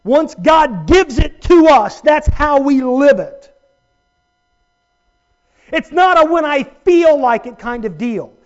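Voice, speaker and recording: A man's voice: very high voice, dull audio. A man preaching a sermon as pastor, emphatic and earnest with humorous asides to his congregation.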